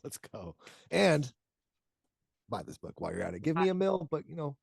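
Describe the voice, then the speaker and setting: A man's voice: on the high side, sing-song, normal speed, creaky, darkish tone, no room sound, studio quality. A man hosting an interview, laid-back and playful, often laughing along with his guest. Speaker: interviewer, host. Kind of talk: casual interview chat.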